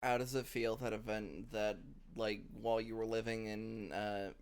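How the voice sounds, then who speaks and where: A man's voice: on the low side, level tone, normal speed, smooth. A man co-hosting a podcast, chatting loosely and joking with plenty of fillers. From United States. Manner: rambling, joking, many fillers. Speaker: podcast co-host. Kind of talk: casual chat.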